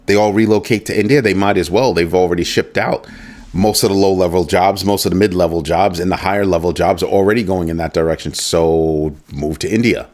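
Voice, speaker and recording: A man with a very low voice hosts a casual livestream. He muses aloud, keeps asking rhetorical questions, and stops to read out viewer chat. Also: steady tone, a little fast, a little mellow. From United States. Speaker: livestream host.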